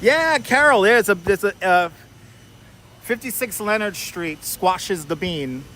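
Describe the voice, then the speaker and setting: A man's voice: high-pitched, animated, takes it slowly, pushed and bright. A man live streaming while walking city streets, chatting casually, joking and greeting viewers by name. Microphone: wireless clip-on mic. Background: faint city traffic.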